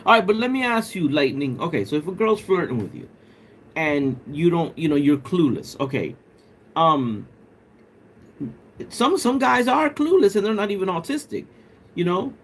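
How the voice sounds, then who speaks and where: In a high-pitched, animated voice with a bald quality and a moderate pace, a man hosts a casual livestream, reading viewer comments. He keeps joking, laughs frequently and imitates a British accent. Slight background noise can be heard.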